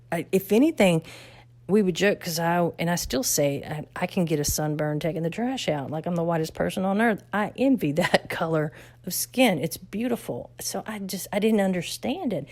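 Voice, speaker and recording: A woman's voice: fairly low pitch, a little mellow. A woman from Texas, chatting animatedly as she tells her life story, laughing now and then. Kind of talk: casual storytelling vlog.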